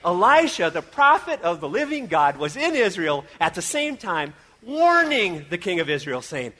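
Animated joking man telling a Bible story. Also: high voice, moderate pace, few pauses. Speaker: children's church presenter. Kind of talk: comic Bible story skit.

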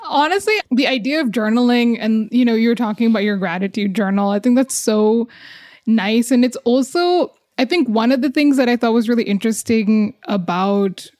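A chatty woman with a slightly raised pitch, talking casually on a podcast. She tells stories in a relaxed, friendly way and laughs often. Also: normal speed, no room sound, clean studio sound. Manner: chatty, laughs often, acts out quoted voices. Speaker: podcast host. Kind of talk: casual chat.

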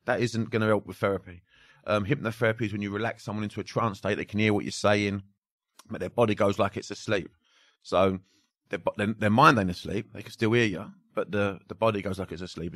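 A man's voice: lowish voice, steady tone, a little fast, a bit bright, no room sound, studio quality. A man talking as a hypnotherapist guest in a casual podcast chat, swearing freely and dropping his voice to demonstrate. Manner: swears casually, drops to near-whispers for demonstrations.

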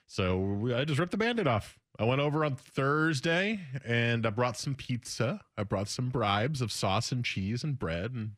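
A man's voice: medium pitch, expressive, moderate pace, hardly any pauses, a bit bright, no room sound, studio quality. A young man chatting casually as a radio show host, rambling with restarts. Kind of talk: casual chat.

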